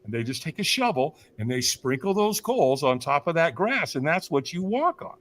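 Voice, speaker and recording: A man guest on a talk show tells a story in a lively, animated way. His voice is bright and sits a little high for a man, and it swings widely as he acts out the people in the story. He keeps talking to the listeners directly and throws them rhetorical questions. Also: moderate pace, few pauses. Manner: acts out voices of others with big pitch jumps, laughs often; addresses listeners as "you guys", asks rhetorical questions. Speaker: podcast guest, firewalk instructor.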